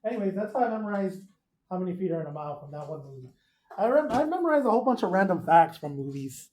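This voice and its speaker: Recorded for video in a classroom with students, this male math teacher talks fast in a high, slightly mellow voice with big pitch swings. His lesson is chatty, full of questions to the class and digressions.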